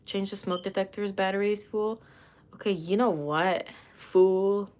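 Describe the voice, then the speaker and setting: A woman's voice: mid-range voice, steady tone, fairly quick. A young woman from Lebanon chatting on a livestream, rambling and losing her train of thought as she reads comments aloud. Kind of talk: casual livestream chat, reading comments.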